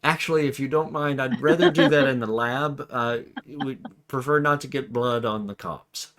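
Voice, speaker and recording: A man's voice: medium pitch, normal speed, a crowd in the background, voice pushed up, natural voice. A man voicing a polite, fussy male scientist in a tabletop game, courteous and a little hesitant. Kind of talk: tabletop role-play voice acting.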